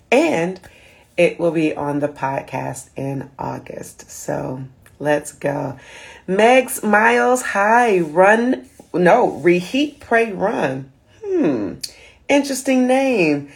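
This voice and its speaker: A woman with a fairly low voice and some vocal fry hosts a casual live video stream. Bubbly and chatty, she welcomes her guests and stretches out her greetings.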